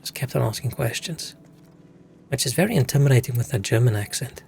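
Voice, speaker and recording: A young adult from South Africa talks while streaming a game, swearing as he rambles from one story to the next. His mid-range voice is animated, creaky and darkish, fairly quick, with slight noise in the background.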